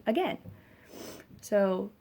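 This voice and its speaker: A woman's voice: medium pitch, expressive, very slow, dark tone. A young woman venting about a hard weekend as a mother, rambling and frustrated, with lots of fillers and a weary, stressed edge. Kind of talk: casual venting vlog.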